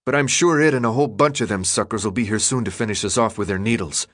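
A man's voice: fairly low pitch, fast, a bit bright, no room sound, studio quality. A man doing a harsh, snapping teenage boy. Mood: gruff, scornful. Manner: harsh, snapping, swings into despair. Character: tough, panicky teenage boy maze runner. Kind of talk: audiobook character voice.

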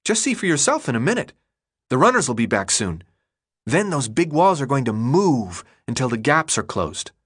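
A man voicing a chatty, evasive young boy who talks high and excited in a storybook reading. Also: moderate pace, slightly rough. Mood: matter-of-fact.

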